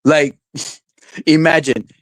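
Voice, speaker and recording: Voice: mid-range voice, fairly even intonation, drawn-out words, no room sound, poor audio. A streamer host in a casual livestream rant, swearing freely, laughing often and mocking people with silly voices.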